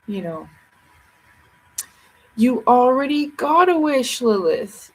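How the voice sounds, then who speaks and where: A woman's voice: high-pitched, sing-song, slow pace, husky, rough recording. A tired woman chatting playfully and ramblingly with viewers on a casual livestream.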